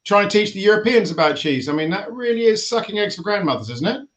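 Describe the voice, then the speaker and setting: Playful high-voiced male host. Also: expressive, quick pace. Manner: jokey, playful and chatty. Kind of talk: casual live-stream chat.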